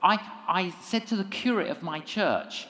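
A man's voice: high-pitched, measured pace. A man telling a story in a lecture, acting out dialogue with humour. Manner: animated, acts out dialogue with humour. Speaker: evangelist speaker. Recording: long hall reverb.

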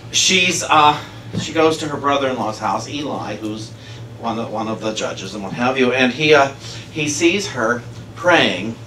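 In a church sanctuary, a minister with a bright, forceful mid-range voice delivers a casual, conversational sermon, telling a story with frequent laughter. The recording is noisy, with an echoey hall and the mic far away.

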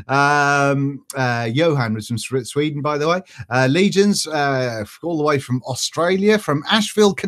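A man hosting a casual live stream, reading out viewer greetings in a chatty, self-mocking way and stumbling over names. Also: on the high side. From East Anglia. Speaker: vaping channel host.

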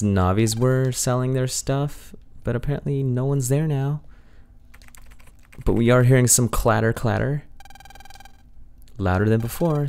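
A man's voice: lowish voice, darkish tone, clean tone. A man hosting a let's play video, chatting over the game in a jokey, upbeat way. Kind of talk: game commentary.

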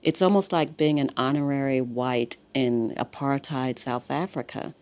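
A woman's voice: very deep voice, measured pace. An American woman from Brooklyn, interviewed about her life, telling stories candidly and laughing often. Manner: animated storytelling, laughs often.

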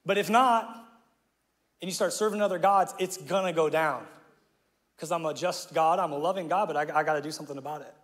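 A man's voice: on the high side, a little fast, a bit bright. A male pastor preaching a sermon in a casual, slangy way, acting out the people in his story and laughing often. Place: church auditorium. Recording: live hall with long reverb.

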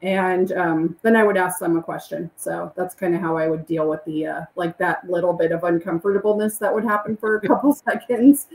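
A woman chatting as an interview guest, animated and acting out excited greetings in a high voice. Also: a little fast, few pauses, reverberant, poor audio. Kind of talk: casual interview chat.

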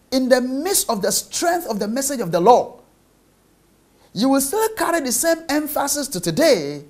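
A man preaching a sermon in an emphatic way, checking in with his listeners through rhetorical questions. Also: extremely high pitch.

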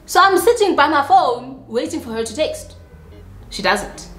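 A South African woman YouTuber telling a personal story in a dramatic, animated way, with sudden high-pitched asides. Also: moderate pace, roomy sound, faint music behind. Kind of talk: storytime vlog.

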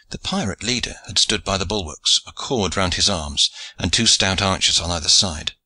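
A man narrating an audiobook in a measured storytelling way, close to the mic. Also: low voice, pushed and bright, husky. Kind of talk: scripted narration.

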